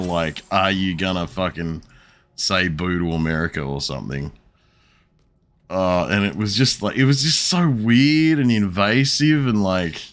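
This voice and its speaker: A man's voice: on the low side, a bit bright, a little hiss or hum. A young man streaming a game, telling a long, profane story in a rambling, chuckling way. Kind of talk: casual chat while gaming.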